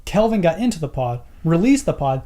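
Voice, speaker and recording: Slightly higher-voiced man poking at plot holes. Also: sing-song, a little fast, warm tone, slight background noise. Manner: questioning, picks apart plot holes, laughs easily. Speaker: podcast co-host. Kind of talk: casual movie discussion.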